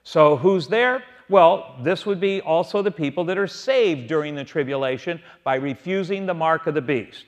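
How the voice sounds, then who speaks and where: A man's voice: a little high, lively intonation, normal speed, few pauses, highs cut off. A man leading a verse-by-verse Bible study, asking his listeners questions and answering them himself. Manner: asks the audience questions and answers them, stretching key words. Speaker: Bible teacher.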